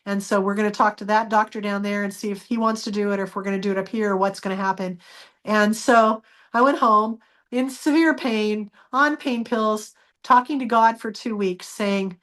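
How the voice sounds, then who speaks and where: A woman's voice: medium pitch, steady tone, moderate pace, fairly bright tone. A woman guest in an interview, earnestly telling a personal story and acting out the dialogue she remembers.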